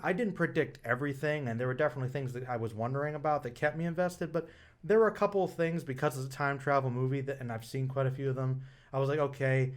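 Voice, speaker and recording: A young man giving a casual, rambling film review, full of fillers and restarts. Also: on the high side.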